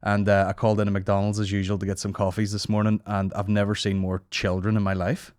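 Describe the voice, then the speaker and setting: A man's voice: on the low side, completely flat delivery, fast, a little mellow, dry recording. A man in his thirties hosting a comedy podcast, rambling and sarcastic with constant swearing, into a studio microphone. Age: 30s. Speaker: podcast host. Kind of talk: casual comedy podcast rant.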